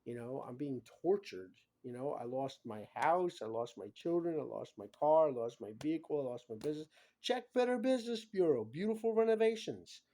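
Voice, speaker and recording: Guy rambling on camera, mellow dark voice, lots of "you know" and "bro", goes from mumbling to loud. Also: mid-range voice, lively intonation, a little fast, few pauses. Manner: swings between muttering and loud emphatic outbursts. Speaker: vlogger. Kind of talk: rambling casual monologue.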